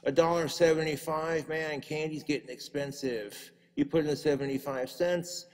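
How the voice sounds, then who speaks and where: A man's voice: on the high side, steady tone, normal speed, darkish tone, long reverb tail. A man doing a crude, profane stand-up comedy routine, ranting and putting on little voices.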